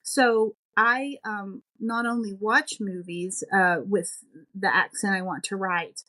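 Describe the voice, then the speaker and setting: A woman's voice: medium pitch, fairly even intonation, slow, pushed and bright, poor audio. A woman who writes romance novels, a podcast guest chatting in an enthusiastic, thoughtful and modest way. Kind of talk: casual interview chat.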